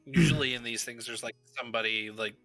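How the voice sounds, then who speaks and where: A man describing his character's actions as a player in a tabletop game, relaxed and hesitant. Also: medium pitch, quick pace, creaky, over music. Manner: relaxed, hesitant, many fillers.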